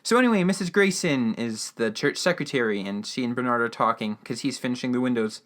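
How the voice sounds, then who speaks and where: A man's voice: medium pitch, lively intonation, brisk, fairly bright tone. A man hosting a podcast, giving a casual, rambling recap of a radio drama episode with lots of fillers and restarts. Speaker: podcast host.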